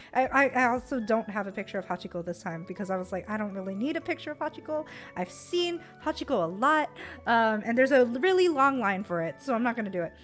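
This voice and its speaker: A woman's voice: on the high side, expressive, fast talker, soft background music. A young American woman streamer chatting casually about a trip, giggly and full of fillers. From United States.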